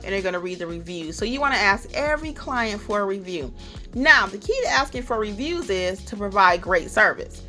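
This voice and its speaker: Bright, chatty woman notary coach. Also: fairly high pitch. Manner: chatty, animated, acts out little client dialogues. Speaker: notary educator and channel host. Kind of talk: upbeat how-to tips to camera.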